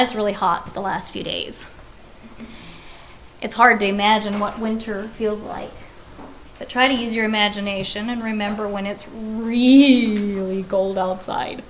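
A woman's voice: medium pitch, slight background noise, low-quality recording. A woman reading a story aloud to children, with friendly conversational asides and questions to her listeners.

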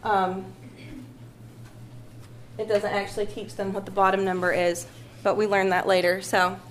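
A woman's voice: medium pitch, level tone, moderate pace. A woman teaching a music lesson, patient and encouraging, sometimes singing short phrases to demonstrate. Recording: echoey room with faint ambient noise.

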